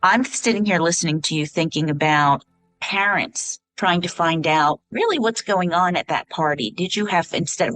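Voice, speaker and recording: A woman's voice: on the low side, normal speed, a bit bright, dry recording, soft background music. Chatty woman hosting a podcast. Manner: enthusiastic, chatty. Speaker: podcast host. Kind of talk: conversational podcast interview.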